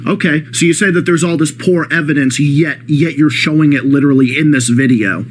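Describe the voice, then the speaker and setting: Sarcastic ranting man, slightly high voice. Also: a little fast, hardly any pauses, a little hiss or hum. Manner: sarcastic, profane, heated ranting. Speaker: channel host. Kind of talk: reaction rant commentary.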